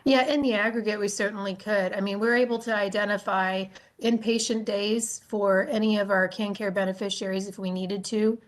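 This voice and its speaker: Measured woman giving formal testimony. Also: medium pitch, fairly even intonation. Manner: measured, explanatory, frequent "um" fillers. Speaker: state agency official testifying. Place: legislative committee hearing.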